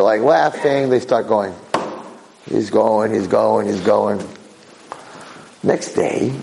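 A man giving a Torah lecture, telling a parable in an animated way. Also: medium pitch, vocal fry, slight background noise, rough recording. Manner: animated, acts out voices. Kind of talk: sermon storytelling.

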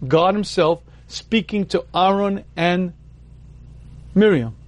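A man delivering a Torah ethics class in a steady, explanatory way. His voice sits slightly high for a man, and he keeps clearing his throat between points. He repeats key words to press them home. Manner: explanatory, leans on repetition for emphasis. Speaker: Torah teacher.

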